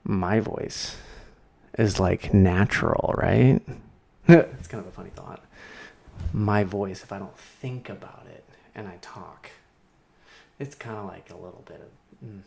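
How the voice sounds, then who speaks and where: A man talking alone on a livestream, rambling and laughing to himself, swinging between loud outbursts and muttered asides. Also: low-pitched, slow pace, creaky, pauses often. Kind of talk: rambling solo livestream monologue. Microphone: streaming mic.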